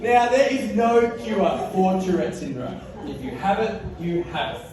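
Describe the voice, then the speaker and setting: Lively, high-voiced Australian man on stage. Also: a little slow, heavy reverb, distant mic, crowd noise, poor audio. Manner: laughing often, mimicking voices in his stories. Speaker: keynote speaker. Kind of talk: comic keynote talk on stage. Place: large hall with live audience.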